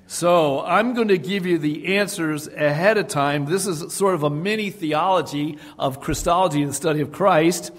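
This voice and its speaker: A man's voice: fairly high pitch, normal speed, hardly any pauses. A man preaching a sermon, emphatic and repeating key phrases for his congregation. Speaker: pastor. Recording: long hall reverb.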